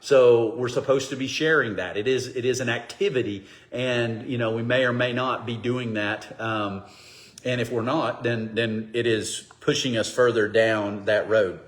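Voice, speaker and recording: Animated storytelling pastor. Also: male voice, medium pitch, moderate pace. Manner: conversational, animated storytelling with acted quotes. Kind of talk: Bible study teaching. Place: church, streamed online.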